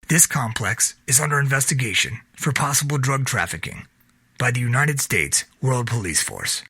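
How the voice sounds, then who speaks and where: Man reading as a firm, calm squad commander. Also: medium pitch, moderate pace, breathy edge, no room sound, clean studio sound, exaggerated voice.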